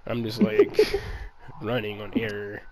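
Over crowd chatter, a man with a lowish, fairly flat voice slowly tells a rambling story full of profanity, acting out snatches of dialogue. It's a casual chat, and the recording quality is poor.

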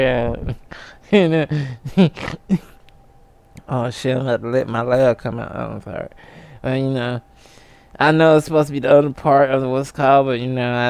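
Theatrical man with a smooth dry voice. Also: dry recording. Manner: theatrical, jumps into squealing high-pitched mock sobbing speeches. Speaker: gaming YouTuber. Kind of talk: comedic vlog rant.

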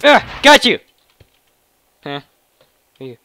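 Young male gaming host, slow-spoken but explosive, gravelly fry, lots of shouting. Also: extremely high pitch, big pitch swings. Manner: shouting, laughing, hyper reactions. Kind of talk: excited gameplay commentary.

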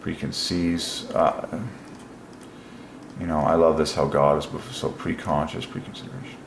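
A man hosting a casual solo video, musing aloud and breaking into excited exclamations. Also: extremely low pitch, measured pace, creaky. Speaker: religious video host. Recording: echoey room with faint noise.

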